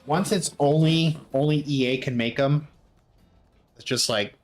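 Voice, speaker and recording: A man's voice: on the high side, unhurried, faint music behind. A young man streaming a game, muttering to himself and rambling with lots of fillers in casual commentary.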